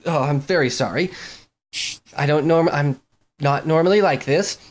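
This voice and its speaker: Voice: medium pitch, normal speed, close to an everyday voice. A game master voicing an ailing, theatrical female opera prima donna who moans languidly. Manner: languid, dramatic, moaning.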